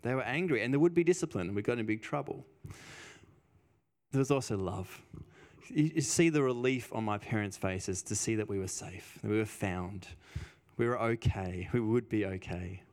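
A man's voice: fairly low pitch, moderate pace, darkish tone. A man preaching a sermon in a conversational way, stressing points by repeating phrases and telling personal stories. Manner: emphatic, repeats phrases for weight.

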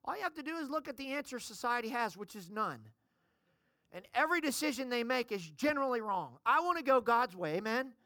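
Bright-voiced woman pastor preaching. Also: a little high, sing-song, a little fast, dry recording, studio quality. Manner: preaching, calls for amens from the congregation. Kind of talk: sermon.

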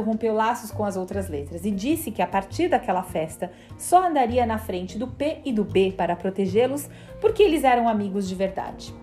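Woman storyteller, gentle read-aloud, mellow voice, soft music bed. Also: a little high. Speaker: narrator. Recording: faint background music.

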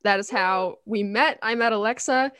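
A woman's voice: medium pitch, moderate pace, a bit bright, clean tone, no echo, clean studio sound. A young woman co-hosting a podcast, talking in an emphatic, enthusiastic casual way. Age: young adult. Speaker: podcast co-host.

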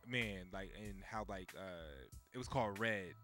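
A man's voice: low-pitched, unhurried, sharp tone, soft background music. A man co-hosting a casual podcast, talking loosely with lots of "like" and "bro". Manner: loose, slangy, full of "like" and "bro", hyping his co-host. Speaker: podcast co-host.

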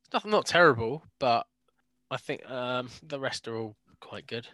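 Lively bright-voiced co-host man. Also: mid-range voice, moderate pace, no echo. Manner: wry, jokey, laughs a lot. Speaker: podcast co-host. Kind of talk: casual chat.

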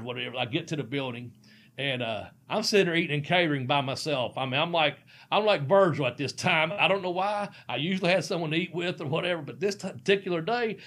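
A man's voice: fairly high pitch, fairly bright tone. A middle-aged man, a former pro wrestler, telling a rambling, profane story and laughing often. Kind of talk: casual storytelling.

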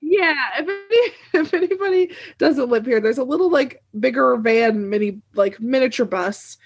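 A woman's voice: high voice, normal speed. Chatty young woman recapping a show. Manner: chatty, laughs often, many "like" fillers. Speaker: podcast co-host. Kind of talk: casual TV recap chat. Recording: dull dry lo-fi sound.

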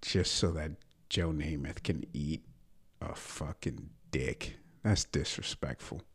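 Podcast host and comedian, man, very low husky voice, loose, profane solo rant with muttered asides. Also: fairly even intonation, slow. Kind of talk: casual solo sports rant.

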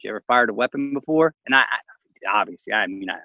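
A man's voice: fairly low pitch, quick pace, no echo, muffled recording. A man casually telling a story, acting out the voices of the people in it and laughing often. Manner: animated, acts out quoted voices, laughs often.

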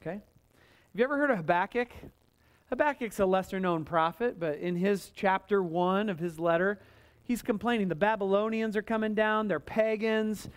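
Animated preacher calling for amens. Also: male voice, moderate pace, smooth. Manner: animated, acts out complaints in a higher voice; conversational, calls for amens. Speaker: pastor. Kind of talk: sermon.

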